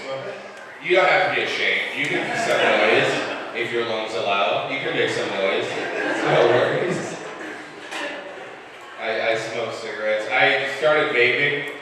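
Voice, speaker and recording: Young guy doing standup, kinda out of breath, lowish voice, big echoey club sound from far off. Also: measured pace, pauses often, background noise. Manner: loose, self-deprecating, chatty with the crowd. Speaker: stand-up comedian. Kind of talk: live stand-up set. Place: comedy club stage. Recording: roomy club reverb, mic heard from a distance. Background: live audience, club ambience.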